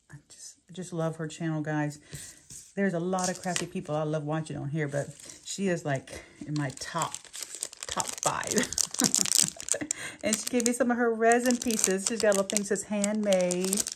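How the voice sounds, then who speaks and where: A woman chatting through a craft unboxing, gushing and giggly. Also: on the low side. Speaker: crafting vlogger. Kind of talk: casual unboxing chat. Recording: clear background noise, paper crinkling.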